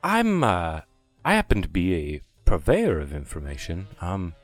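A man plays a tall male elf who sells information, speaking with a put-on Irish accent. He talks in oily, persuasive salesman patter with a lively, swooping pitch. Faint music plays underneath. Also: unhurried, heavily acted. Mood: scheming.

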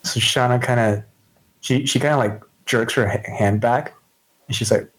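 A man's voice: medium pitch, moderate pace, fairly bright tone, slightly rough, rough recording. Hesitant man describing his character's moves. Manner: hesitant, filler-heavy description. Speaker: player. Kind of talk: playing a tabletop game.

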